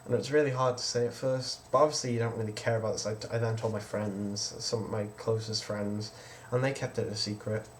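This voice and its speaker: A man's voice: fairly low pitch, steady tone, fairly quick, few pauses, slight background noise. Rambling teenage guy. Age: teens. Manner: casual, rambling, quotes others with "I was just like". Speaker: vlogger. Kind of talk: personal storytelling vlog.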